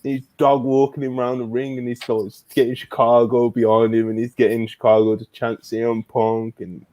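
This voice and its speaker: A man co-hosting a podcast in casual chat, excitable, swearing freely and retelling events at length. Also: medium pitch, moderate pace. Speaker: podcast co-host.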